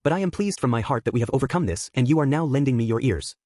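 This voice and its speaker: A man's voice: mid-range voice, animated, racing, warm tone, dry recording, clean studio sound, natural voice. A man reading an eerily polite female cult leader. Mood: sweet. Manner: overly apologetic, sugary politeness.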